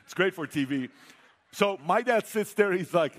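Animated man telling stories to a crowd. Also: high voice, moderate pace. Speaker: speaker addressing an audience. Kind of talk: storytelling talk to a live audience. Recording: long hall reverb.

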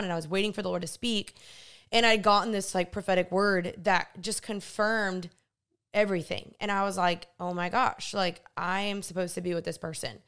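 Young woman with a smooth clear voice. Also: medium pitch. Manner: expressive, chimes in, laughs easily. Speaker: co-host. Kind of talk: casual storytelling chat.

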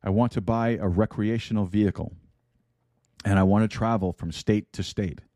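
A man's voice: lowish voice, fairly even intonation, moderate pace, warm tone, no echo, studio quality, lightly acted. A man voicing a dreamy Russian submarine officer, with a weak put-on Russian accent. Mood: wistful. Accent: Russian, put on poorly.

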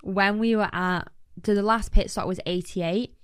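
Young woman, podcast guest, chatty and animated, dry close sound. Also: medium pitch, moderate pace, clean tone, no room sound. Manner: chatty, animated, lots of fillers. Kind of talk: casual storytelling chat.

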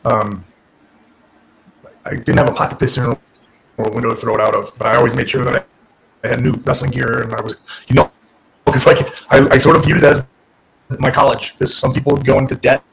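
Give me a gravelly-voiced man who is a former wrestler, telling an animated story as a podcast guest and acting out quotes. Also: medium pitch, brisk, pauses often, poor audio. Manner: animated, restarts and self-corrects, acts out quotes. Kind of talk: casual interview storytelling.

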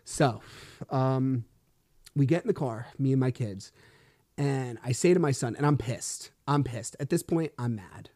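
Male podcast host, 30s, mellow voice with a dry sound, swearing freely as he tells his story. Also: mid-range voice, measured pace, no room sound. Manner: blunt and profane, retelling events with heat. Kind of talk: casual solo storytelling monologue.

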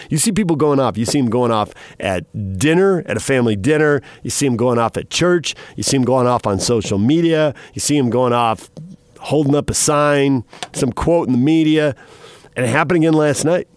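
A middle-aged man hosting a radio talk show, telling chatty stories in a casual, animated way. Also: mid-range voice, no echo. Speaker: radio host.

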